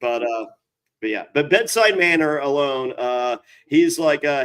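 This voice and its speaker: A man hosting a casual podcast chat, telling stories in a rambling, animated way. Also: medium pitch, unhurried, clean tone. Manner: rambling animated storyteller, many restarts. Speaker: podcast host.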